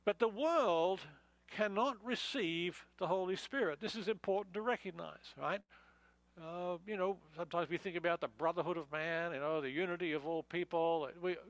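Male pastor, high voice, dry close sound, chatty Bible teaching with frequent "uh"s. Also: normal speed, no echo, low-quality recording. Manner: conversational, many fillers and restarts. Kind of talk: expository sermon.

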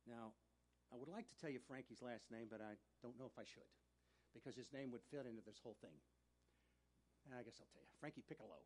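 A man preaching, telling a personal story in a sermon, animated and often laughing as he talks. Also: mid-range voice, fast.

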